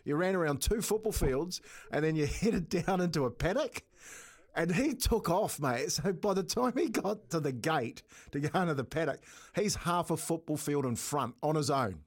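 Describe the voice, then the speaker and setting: A man's voice: on the high side, expressive, normal speed. A middle-aged man with a New Zealand accent, co-hosting a radio show and telling stories casually, laughing often. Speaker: radio co-host. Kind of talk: casual storytelling.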